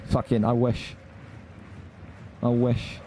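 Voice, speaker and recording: A man's voice: mid-range voice, monotone, slow pace, warm tone, a little hiss or hum. A young man hosting a live esports stream, talking bluntly and swearing freely as he rants at his chat. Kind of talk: casual live-stream commentary.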